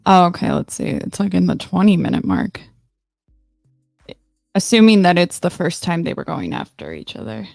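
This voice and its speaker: A woman's voice: lowish voice, wildly swooping pitch, moderate pace, creaky, darkish tone, no room sound, studio quality, faint music behind. A woman streamer giving casual live reaction commentary, swearing offhandedly while she scrubs through a video.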